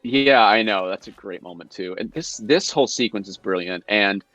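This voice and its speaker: A man's voice: lowish voice, normal speed, no echo, muffled recording, soft background music. Man, guest actor, casual live chat, playful mock outrage, video call audio. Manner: animated storyteller, mock-indignant self-defense. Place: home, indoors.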